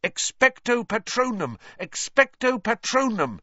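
A desperate teenage boy wizard cries out in a high, straining voice, played by a man reading a story. He sounds frantic and pushed to his limit. The recording is dry and a little muffled. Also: big pitch swings, unhurried, pushed and bright, dry recording, heavily acted.

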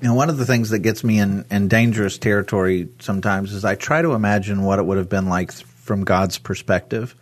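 A man's voice: fairly low pitch, steady tone, brisk, few pauses. A man talking about faith in a casual conversation, passionate, acting out God's voice in quoted speech.

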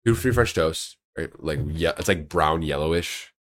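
A young man in casual podcast chat, excitable and crude, joking with friends. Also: very deep voice, moderate pace. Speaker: podcast co-host.

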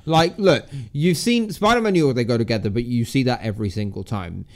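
A man hosting a podcast, calmly pushing back with counterpoints in casual chat. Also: mid-range voice, brisk. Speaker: podcast host.

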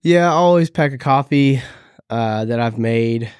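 A man co-hosting a podcast, chatting casually in a hesitant, halting way. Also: medium pitch, a little mellow, smooth, dry recording, clean studio sound. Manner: hesitant, halting, many restarts and fillers. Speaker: podcast co-host. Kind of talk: casual chat.

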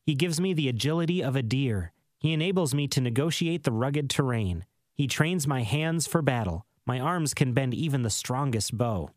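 A man reads scripture in a steady, measured way at an ordinary middle pitch. His phrases often settle low at the end. The sound is dry and close, with no room around it. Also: dry recording. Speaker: scripture reader. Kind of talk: steady scripted Bible reading.

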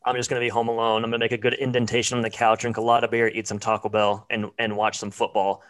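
A man's voice: fairly low pitch, monotone, quick pace, a bit bright. A young man hosting a sports podcast, chatting casually and reading a listener question. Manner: upbeat, reads listener questions. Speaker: podcast co-host.

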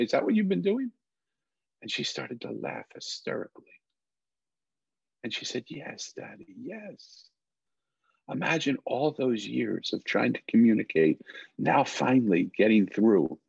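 A middle-aged man, an interview guest, telling a personal story earnestly with halting restarts, in a dull lo-fi recording. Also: on the low side, creaky, breathy edge, no room sound.

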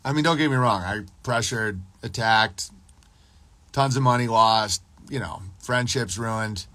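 A man's voice: lowish voice, a little slow, pushed and bright, no echo. A man hosting a casual livestream podcast, ranting in a crude, profane, rambling and boastful way while answering his live chat.

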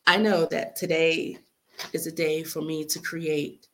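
A woman's voice: low-pitched, little pitch movement, unhurried, fairly bright tone. A young adult woman reading aloud a heartfelt letter she wrote, speaking earnestly and with emotion. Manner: earnest, heartfelt, near tears at times. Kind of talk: emotional spoken-word reading.

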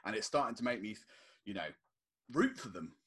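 Guy on a football podcast, lowish voice, animated storyteller doing little voices for quotes. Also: a little fast, breathy edge. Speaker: podcast co-host. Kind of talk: casual football podcast chat.

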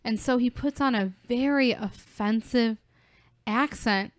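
A woman's voice: fairly high pitch, measured pace, no echo. A young woman co-hosting a podcast, casually recapping a film with lots of fillers. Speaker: podcast co-host.

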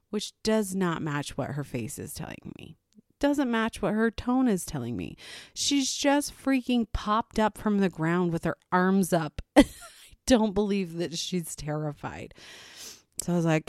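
A woman's voice: fairly low pitch, lively intonation, a little slow, a little mellow, no room sound, clean studio sound. A woman in her thirties, tired after a sleepless night, casually telling a rambling story about her night with a self-mocking laugh. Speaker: podcast host.

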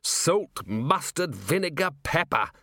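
Man voicing a gruff watch commander, impatient brisk questioning, animated intonation, dry close sound. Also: fairly high pitch, no room sound, pitched above the performer's own voice, full character voice. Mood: probing. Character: gruff, sharp-minded male watch commander.

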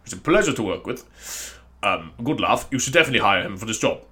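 A man's voice: lowish voice, big pitch swings, pushed and bright. A man doing a plummy blustering politician. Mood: pompous. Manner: plummy, halting, with filler ums. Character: posh blustering British male politician impression.

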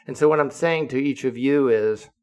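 A man's voice: medium pitch, moderate pace, a little mellow, clean tone. A man of seventy, a podcaster, telling a story in a blunt, profane monologue that turns heated when he quotes himself. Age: 70s.

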